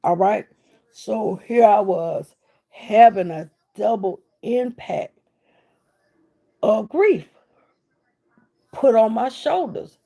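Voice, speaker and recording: A woman's voice: mid-range voice, animated, slow pace, vocal fry, pauses often, warm tone. A middle-aged woman, telling her own story of loss with emotion and reenacted dialogue. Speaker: grieving mother. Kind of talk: personal storytelling.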